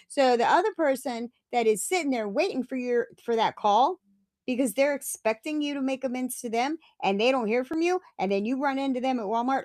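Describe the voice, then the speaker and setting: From her home, a middle-aged woman hosts a recovery meeting, chatting casually and digressively with viewers over a webcam or phone camera. Her voice sits high and is expressive at a normal speed, recorded with studio quality and no echo.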